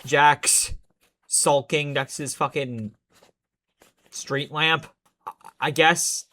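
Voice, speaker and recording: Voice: medium pitch, steady tone, slow pace, pushed and bright. A commentator ranting casually about a cartoon, profane, exasperated and sarcastic.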